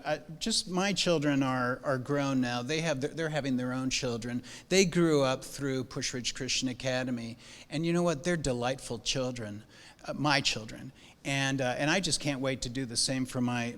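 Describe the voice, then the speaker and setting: A man's voice: mid-range voice, fairly bright tone. An older man, a pastor, giving a rambling, heartfelt welcome speech to new parents, with many fillers and restarts. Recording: hall with long reverb.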